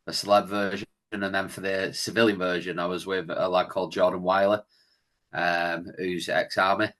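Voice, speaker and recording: A man's voice: sits low, flat delivery, normal speed, a bit bright. A man who is a guest on a podcast, chatting in a laid-back way and joking about himself. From England. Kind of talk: casual chat.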